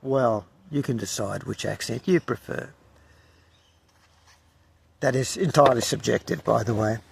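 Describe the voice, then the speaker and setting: Slow, gravelly Australian man reading poems. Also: mid-range voice, slight background noise. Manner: stumbles over words, wry asides. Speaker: poetry reader. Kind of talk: unrehearsed poetry reading with commentary.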